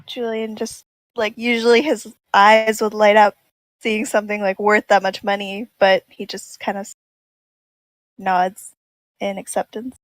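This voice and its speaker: A woman playing in a tabletop game, describing her character's actions haltingly. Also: mid-range voice, little pitch movement, no echo. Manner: hesitant, halting with fillers. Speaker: player.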